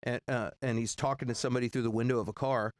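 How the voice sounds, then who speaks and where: A man in his forties telling rambling road stories in casual chat, acting out other people's lines in high voices. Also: very fast, dry recording, clean studio sound. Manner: rambling, animated, acts out quoted voices high.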